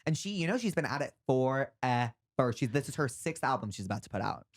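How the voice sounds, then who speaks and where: A young adult man, a comedian guest on a podcast, telling animated anecdotes packed with "like". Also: mid-range voice. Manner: fast, heavy on "like", animated anecdotes. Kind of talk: casual interview chat.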